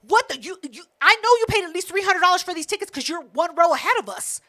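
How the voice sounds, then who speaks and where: A woman co-hosting a podcast, telling a story in a casual, animated rant full of swearing. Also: extremely high pitch, quick pace. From United States. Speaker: podcast co-host. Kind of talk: casual chat.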